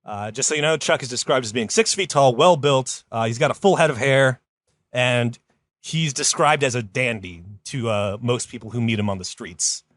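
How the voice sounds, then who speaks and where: A man's voice: normal speed, a bit bright, no room sound, clean studio sound. Rambling man telling a story. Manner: rambling, many fillers, jumps high for quoted voices. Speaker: podcast host telling the story. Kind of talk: casual comedic storytelling.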